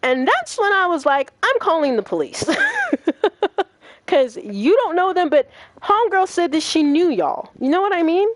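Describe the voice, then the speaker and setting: A young adult woman hosting a gaming livestream, telling a story in casual chat, profane and animated, acting out what others said. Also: very high-pitched, normal speed, no echo. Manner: animated, profane, acts out quoted voices.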